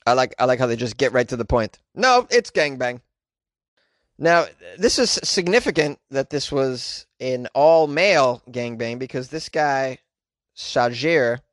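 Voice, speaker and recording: A man giving comedic news commentary in a sarcastic, animated way, laughing at the stories he reads. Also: a little high, no room sound, studio quality. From United States.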